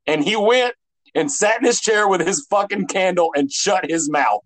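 A man co-hosting a podcast in casual chat, telling stories in an animated way with lots of fillers. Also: high-pitched, normal speed, poor audio. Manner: animated, filler-heavy storytelling. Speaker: podcast co-host.

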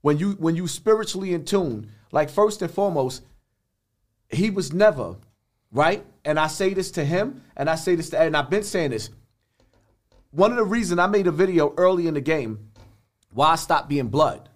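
A man's voice: on the high side, expressive, normal speed. An older man, a podcast guest talking bluntly in street slang with many restarts. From the Bronx, New York. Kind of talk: podcast interview.

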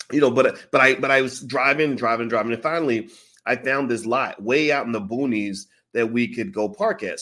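A man casually telling a long, profane personal story, acting out the voices of the people in it. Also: medium pitch. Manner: animated, profane, acts out quoted voices.

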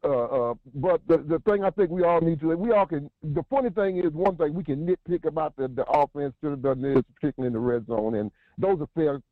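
A man calling in as a guest analyst who breaks down a game in long, energetic, running sentences. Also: a little high, fairly quick, hardly any pauses, dry recording. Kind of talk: casual sports analysis. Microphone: phone call. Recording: tinny dry phone line.

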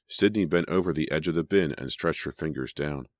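Man, audiobook narrator, very deep voice, measured storytelling, dry close recording. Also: no echo. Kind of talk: scripted narration.

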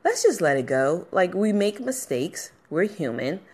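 A woman's voice: fairly low pitch, sing-song, a little slow, breathy edge. A woman hosting her own podcast, talking casually, emotional and encouraging, rambling a bit as she goes. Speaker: podcast host. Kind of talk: casual motivational podcast talk. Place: at her workplace, a dog barking nearby.

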